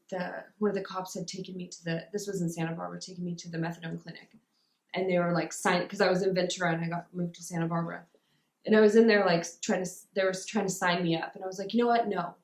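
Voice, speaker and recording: A young woman telling her personal recovery story in an interview, talking casually and rambling with many fillers. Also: fairly low pitch. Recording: roomy echo.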